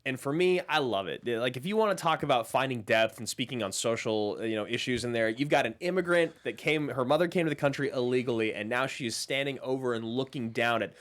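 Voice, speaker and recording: A man's voice: mid-range voice, brisk, few pauses, fairly bright tone. A man co-hosting a casual film podcast, talking over a remote call and acting out movie lines in big voices.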